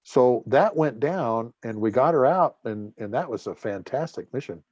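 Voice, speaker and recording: A middle-aged former air force officer gives a guest talk, spinning humorous anecdotes as a lively storyteller who acts out the dialogue of the people in them and cracks jokes. His voice is mid-range at normal speed, on a dry, muffled recording.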